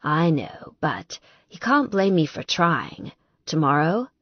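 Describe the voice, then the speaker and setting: A woman playing a smooth, coaxing young man. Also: low-pitched, sing-song, slow, no room sound, highs cut off, full character voice.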